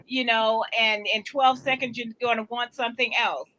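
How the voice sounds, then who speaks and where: Animated woman with a bright voice. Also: on the high side, normal speed, a little hiss or hum, poor audio. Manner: animated, laughing, repeats herself. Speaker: co-host. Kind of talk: casual panel chat.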